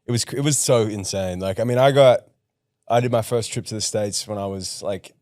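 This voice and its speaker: A young man with a fairly low voice talks through his story in a relaxed, halting way, circling back and restarting phrases. The sound is close and dry, with no room around it. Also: no room sound. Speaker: guest musician. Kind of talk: casual podcast chat.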